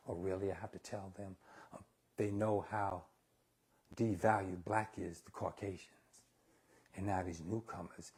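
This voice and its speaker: Husky-voiced man hosting a home cooking stream. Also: lowish voice, a little mellow. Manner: blunt, opinionated, addresses viewers as y'all. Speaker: cooking show host. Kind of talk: casual live-stream cooking and political talk.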